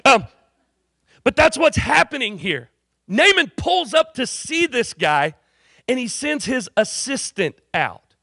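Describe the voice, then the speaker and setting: A man's voice: high-pitched, no echo, studio quality. A man preaching a sermon as a pastor in a university chapel, telling the story with jokes and acted-out voices. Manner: animated, jokey storytelling with voiced characters. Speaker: campus pastor.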